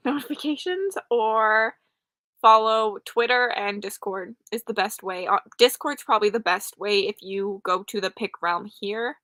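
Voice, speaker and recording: Tired and up late, a young woman hosts a livestream, chatting casually, answering chat, and poking fun at herself. Her medium-pitched voice is bright and forceful, with no echo.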